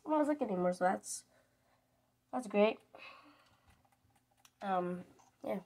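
A woman's voice: mid-range voice, animated, slow, a little mellow. A woman giving playful, rambling commentary over her gameplay, giggling often. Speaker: gaming video creator.

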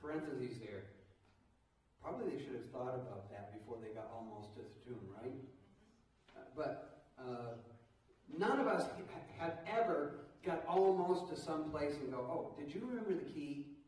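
A middle-aged man preaching an Easter sermon in a church, animated, with asides to the congregation. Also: mid-range voice, moderate pace, a little hiss or hum. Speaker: pastor. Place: church sanctuary. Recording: echoey church hall, mic at a distance.

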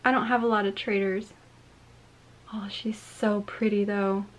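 A woman's voice: mid-range voice, a little slow. A woman collector gushing through a casual unboxing vlog at home, talking into a handheld camera. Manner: gushing, excitable. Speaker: collector vlogger.

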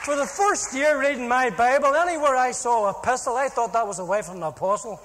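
Northern irish guy telling his testimony, really high voice, lively and funny, big echoey hall. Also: fast talker, a faint crowd. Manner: animated, humorous storytelling with acted-out dialogue. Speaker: speaker giving a personal testimony. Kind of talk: storytelling testimony. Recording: long hall reverb.

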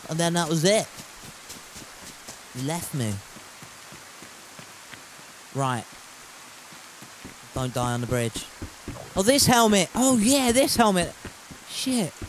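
A man gives casual gameplay commentary in a fairly high voice. He banters, swears freely and reads his chat aloud. Faint rain hisses behind him. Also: rough recording. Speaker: streamer.

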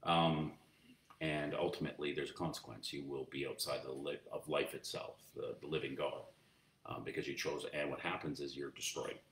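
In a church recorded with roomy echo, faint noise, and a distant mic, a man with a fairly bright bass voice preaches at a normal pace and level tone. His sermon is conversational teaching, full of fillers and restarts.

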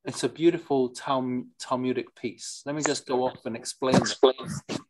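A lively, digressive class teacher reads texts aloud and unpacks them in an informal lecture. The voice sits at a middling pitch and keeps turning to the listeners with questions, with Yiddish and Hebrew words mixed into the talk. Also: unhurried, noisy background. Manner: mixes in Yiddish and Hebrew terms. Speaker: teacher leading a study class.

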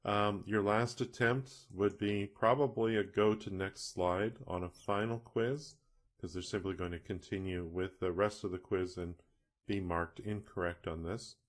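A man with a very low voice walks through a software tutorial at an easy, conversational pace. He explains each setting plainly and corrects himself along the way. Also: steady tone, measured pace. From Canada. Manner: casual, self-correcting, explanatory. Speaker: e-learning tutorial instructor. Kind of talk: screen-recorded software tutorial.

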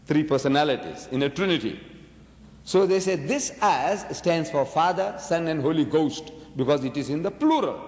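A man lecturing a live audience on religion, firing rhetorical questions and swinging his slightly high voice up and down to drive each point home. His voice rings out with the long reverberation of a large hall. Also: a little mellow. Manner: rhetorical questions, sweeping pitch swings and slowed emphasis. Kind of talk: emphatic religious debate lecture.

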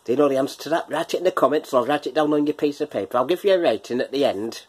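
Man, husky, casual quiz host, chatty, laughs a lot, hums and sings snatches. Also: medium pitch, very fast. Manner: chatty, laughs often, breaks into snatches of song. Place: home kitchen.

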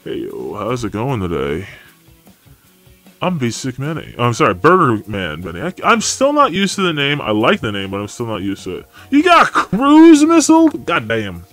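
A man putting on an exaggerated low, swaggering manly voice for a bit while streaming a game. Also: wildly swooping pitch, normal speed, a bit bright, dry recording, soft background music. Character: put-on macho dude, young adult man, swaggering.

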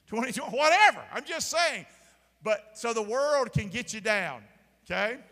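A man's voice: very high voice, animated, moderate pace, pushed and bright. A man preaching a sermon in a large church, emphatic and constantly asking the congregation if they hear him. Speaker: pastor. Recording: live church hall with long reverb.

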